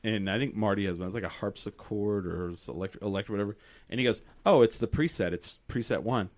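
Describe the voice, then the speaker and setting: Low-voiced guy on a podcast, cussing a lot and doing everybody's lines in his story. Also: quick pace. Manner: profane, animated storytelling acting out quotes. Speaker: podcast host. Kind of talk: casual chat.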